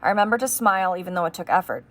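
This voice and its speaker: A woman's voice: fairly low pitch, very fast, fairly bright tone. A woman narrating an audiobook steadily in the first person as a boy.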